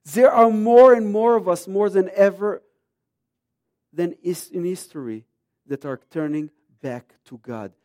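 A man in his thirties preaching a sermon emphatically, swinging between hushed lines and loud ones. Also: sits high, a little slow, no echo, clean studio sound.

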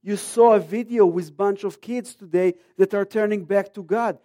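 A man in his thirties preaching a sermon emphatically, swinging between hushed lines and loud ones. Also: sits high, steady tone, normal speed, no echo, clean studio sound.

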